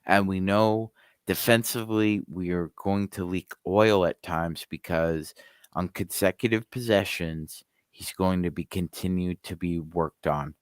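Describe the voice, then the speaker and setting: Smooth-voiced, polite sports podcast co-host. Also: male voice, deep voice, steady tone, unhurried, dry recording, studio quality. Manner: polite, apologetic, rambling. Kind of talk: casual sports talk.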